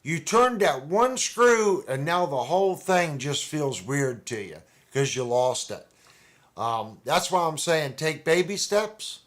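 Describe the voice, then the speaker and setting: A man's voice: a little high, big pitch swings, takes it slowly, a bit bright. A man hosting a casual livestream, chatting in a rambling, conversational way with restarts. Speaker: livestream host. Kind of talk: casual chat about guitars.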